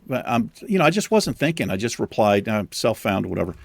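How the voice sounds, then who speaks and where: A man's voice: medium pitch, sing-song, fast talker, dry recording, clean studio sound. A young man casually commenting on his game and rambling through a story, swearing freely as he talks. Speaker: gaming streamer.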